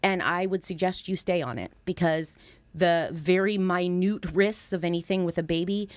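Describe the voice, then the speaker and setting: A woman's voice: fairly low pitch, normal speed, no room sound. A woman in her thirties, a guest talking candidly and earnestly in casual conversation. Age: 30s. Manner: earnest, animated when recounting, lively laughter.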